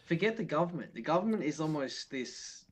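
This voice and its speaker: A man's voice: fairly high pitch, big pitch swings, fairly quick, low-quality recording. A man speaking as a guest in casual chat, earnest and building to emphatic points.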